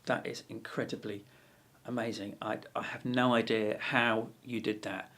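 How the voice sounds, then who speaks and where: A man's voice: lowish voice, little pitch movement, moderate pace, fairly bright tone, close to an everyday voice. A man voicing a polite, easily amazed young shepherd boy in a told joke. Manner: polite, gushing.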